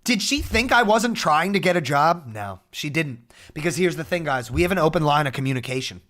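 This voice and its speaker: A young man streaming, telling a story in a casual, profane, animated way. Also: fairly high pitch, brisk. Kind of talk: casual chat.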